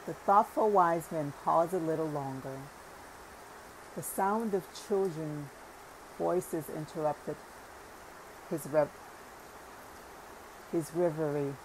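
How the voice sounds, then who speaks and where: A woman narrating a parable audiobook at a slow, deliberate pace. Her low voice carries a gravelly fry, with a faint hiss of noise behind. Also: low-quality recording. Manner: deliberate reading with occasional self-corrections. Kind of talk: scripted narration.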